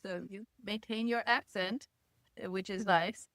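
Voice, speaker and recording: Female host, mid-pitch, gushing and chatty, dry close recording. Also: fairly even intonation, unhurried, a bit bright, dry recording. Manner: enthusiastic, gushing. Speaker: interview host. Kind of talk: chatty interview hosting. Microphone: video call.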